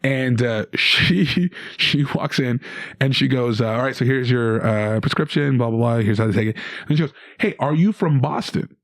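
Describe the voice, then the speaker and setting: A young man from Canada, a guest comedian, telling an animated story with many restarts in casual podcast chat. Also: medium pitch, moderate pace, no room sound, studio quality.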